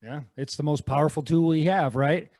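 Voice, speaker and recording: Man in his forties, interview host, somewhat high voice, dry close sound. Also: normal speed, a little mellow, no room sound. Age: 40s. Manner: brief, encouraging interjections and questions. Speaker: podcast host. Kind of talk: casual interview conversation.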